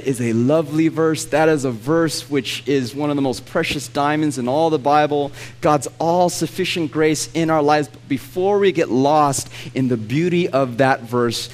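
A man preaching a sermon as a pastor, reading scripture earnestly and letting his voice rise and swell on the pleading lines. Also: medium pitch.

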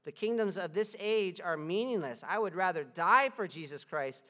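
A man's voice: sits high, expressive, normal speed. A man reading as a fervent doomed pastor. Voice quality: loud and impassioned. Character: ardent early church pastor facing death, fervent.

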